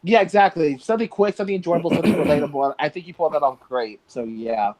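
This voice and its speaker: A man's voice: on the high side, fast talker, darkish tone. A man co-hosting a podcast, enthusiastic and rambling, swearing casually as he agrees. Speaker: podcast co-host.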